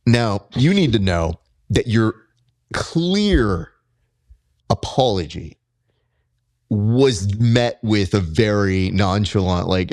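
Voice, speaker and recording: A man hosting a grappling podcast, telling stories in a casual, animated way and acting out his own reactions. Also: takes it slowly, pauses often. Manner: animated storyteller, jumps high when quoting himself. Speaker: podcast host. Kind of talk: casual interview chat.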